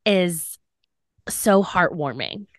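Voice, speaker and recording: A young woman with a fairly low voice draws out her words on a podcast she co-hosts, captured in clean studio sound with no room noise. She tells a personal story casually and animatedly, saying "like" a lot and acting out quotes.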